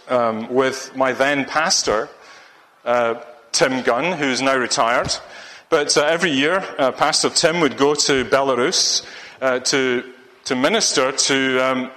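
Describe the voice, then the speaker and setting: Preacher in a long-echoing hall. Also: male voice, mid-range voice, sharp tone. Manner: rambling, with many restarts and fillers. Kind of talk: sermon.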